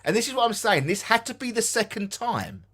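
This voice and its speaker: A man's voice: high voice, brisk, husky. A man with an Essex accent, co-hosting a casual live-stream chat about ghost hunting, arguing his point and swearing casually. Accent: Essex English. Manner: animated, argumentative, swears casually. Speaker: ghost hunting show co-host.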